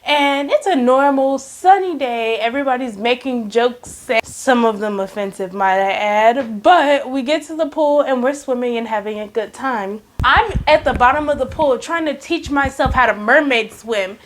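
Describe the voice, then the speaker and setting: A high-voiced woman tells a story straight to the camera in a casual vlog. She hams it up, dramatizing her own panic and disbelief with lively, animated storytelling. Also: normal speed, few pauses, a little hiss or hum. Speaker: vlogger telling a story.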